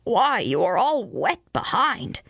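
A woman's voice: medium pitch, sing-song, slow pace, creaky, fairly bright tone, husky, no echo, clean studio sound, voice pushed up, exaggerated voice. A woman voicing a kindly, fussing older village woman in a storybook reading. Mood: concerned.

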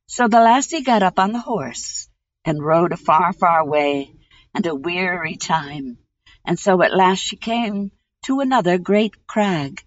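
A woman host reading a fairy tale aloud in a measured, unhurried storytelling manner. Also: fairly low pitch. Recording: dull lo-fi recording.

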